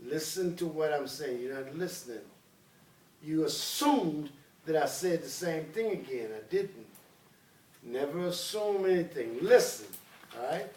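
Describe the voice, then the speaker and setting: A man's voice: a little high, animated, unhurried, a little mellow, a little hiss or hum. A man teaching a class, drilling students in call-and-response and speaking commandingly. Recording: echoey room, voice from far off.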